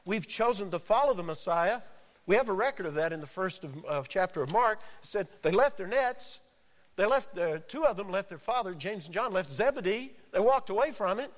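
A man's voice: high voice, lively intonation. Emphatic male preacher in a reverberant hall. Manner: emphatic preacher, dramatic pauses, acts out quotes. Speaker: pastor. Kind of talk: sermon.

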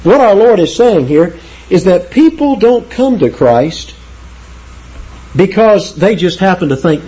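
A man teaching the Bible verse by verse in an emphatic way, slowing down to read scripture aloud. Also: on the high side, big pitch swings, dark tone, slightly rough. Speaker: preacher. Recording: dull lo-fi sound.

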